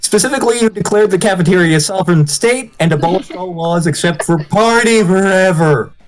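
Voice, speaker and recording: A streamer reading game text aloud to friends, giggly and animated. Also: mid-range voice, a little fast, soft background music. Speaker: game narrator.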